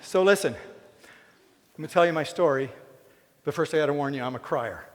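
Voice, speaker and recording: On a theatre stage, a man delivers a personal commencement speech, shifting between folksy jokes and earnest, moving moments. His voice sits on the high side and he speaks at a moderate pace. A long hall reverb fills the recording.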